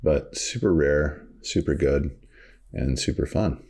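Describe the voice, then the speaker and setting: A man with a very deep voice chats casually as a podcast host. His tone is gravelly and a little husky. He tells long, rambling stories, full of ums and asides. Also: slow pace, warm tone. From Canada. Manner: rambling storyteller with many fillers. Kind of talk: casual chat.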